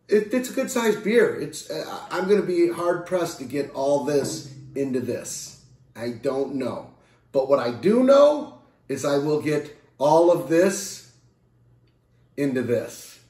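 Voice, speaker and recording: Slow, chatty man in an echoey room. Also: on the high side, darkish tone. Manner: rambling, chatty, self-correcting; playful sound effects and jokes. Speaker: beer reviewer. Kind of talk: casual beer review vlog.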